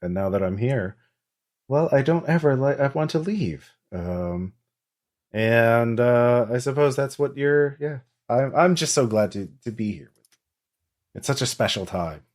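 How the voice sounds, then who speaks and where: A man voicing a serene masked woman at a masquerade, speaking in a dreamy, fond and softly wistful way. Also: mid-range voice, animated, unhurried, lightly acted.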